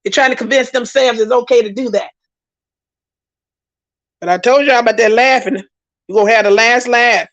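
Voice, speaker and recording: Chatting on her livestream, this woman has a fairly high voice at normal speed, pausing often, and the recording loses its highs. She's talkative and emphatic, going through viewer comments and saying things twice to drive them home.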